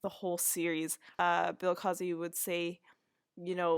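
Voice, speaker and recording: Lower-voiced woman recapping chattily. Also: monotone, measured pace, smooth, no room sound, clean studio sound. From Canada. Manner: chatty, meandering, with frequent restarts and asides. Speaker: podcast host. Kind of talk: casual podcast episode recap.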